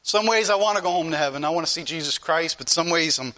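A man's voice: fairly high pitch, quick pace, sharp tone. A male pastor preaching an earnest, repetitive sermon that rises into pleading questions to his congregation.

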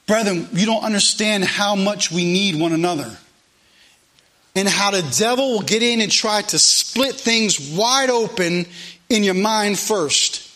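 Earnest pastor, high bright voice. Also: male voice, unhurried. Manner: earnest, conversational preaching with asides and repetition. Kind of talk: sermon. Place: church sanctuary.

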